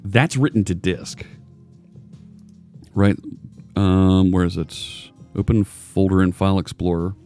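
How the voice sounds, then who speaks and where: A man's voice: sits low, fairly even intonation, slow, long pauses, warm tone, soft background music. A man hosting a casual live coding stream, chatting loosely and joking with viewers as he works. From United States. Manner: rambling, chatty, jokey.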